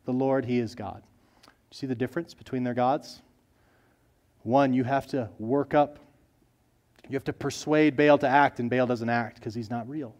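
A man preaching a sermon, earnest, swinging between loud emphasis and soft low asides. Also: fairly even intonation, normal speed, pauses often, muffled recording. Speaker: pastor.

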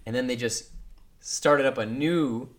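A man's voice: mid-range voice, measured pace. A man co-hosting a casual podcast chat, rambling and teasing his friend, with frequent swearing. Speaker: podcast co-host.

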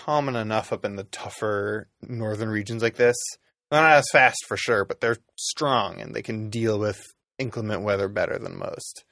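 Casual male GM, low voice, loose rambling delivery, lots of ums. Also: moderate pace, creaky, a bit bright, dry recording, studio quality. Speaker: game master. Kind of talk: narrating a tabletop game.

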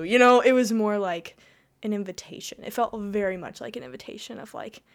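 A woman's voice: mid-range voice, fairly quick. A young woman telling her personal faith story in casual conversation, rambling with lots of "like" and restarts. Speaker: guest.

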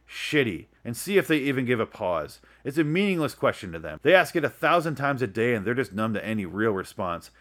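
A man's voice: medium pitch, a bit bright. A man in his twenties delivering a profane, sarcastic comedic rant about everyday annoyances from his room. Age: 20s. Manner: profane, sarcastic, exasperated ranting. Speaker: vlogger. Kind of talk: ranting comedic monologue.

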